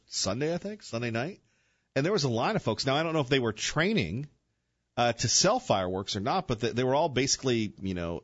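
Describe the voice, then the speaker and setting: A medium-pitched, slightly bright voice belongs to an older man hosting a radio show on a studio microphone, with no echo and dull audio. He chats casually, joking, rambling, and interrupting himself with asides.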